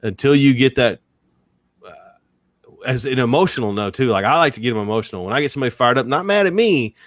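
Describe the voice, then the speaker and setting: Energetic man telling sales stories. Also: mid-range voice, quick pace, dry recording, clean studio sound. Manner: energetic storyteller, acts out quoted voices, laughs often. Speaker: guest, sales and negotiation expert. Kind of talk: animated podcast interview.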